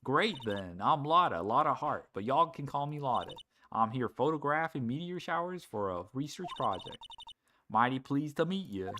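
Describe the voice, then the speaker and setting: A man's voice: mid-range voice, expressive, normal speed, sharp tone, a little hiss or hum. A man voicing a brash young Southern woman photographer, with a put-on Southern drawl and a feisty, folksy manner. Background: game music.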